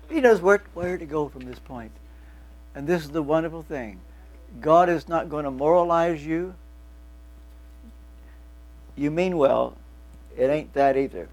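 A man's voice: fairly high pitch, lively intonation, slow pace, pauses often, darkish tone. A man in his seventies preaching a sermon to a congregation, folksy and joking, with a lingering cough. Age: 70s. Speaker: pastor.

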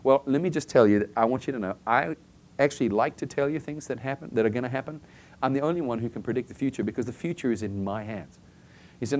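A man's voice: mid-range voice, fast, darkish tone. A man preaching a conversational sermon, often asking "okay?" and acting out short everyday scenes to make his point. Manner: chatty, keeps checking in with "okay?" and acts out little scenes.

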